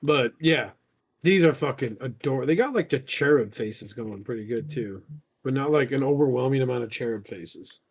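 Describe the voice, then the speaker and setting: A man hosting a podcast, chatting casually, excitable and jokey with lots of swearing. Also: medium pitch, moderate pace, husky. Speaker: podcast host. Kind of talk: casual chat.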